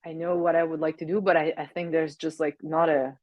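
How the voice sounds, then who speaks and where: A young woman from Canada with a French Canadian accent, a native French speaker, chatting as a podcast guest, hesitant with many fillers and quick laughs. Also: low-pitched, level tone, dry recording, dull audio. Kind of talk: casual interview chat.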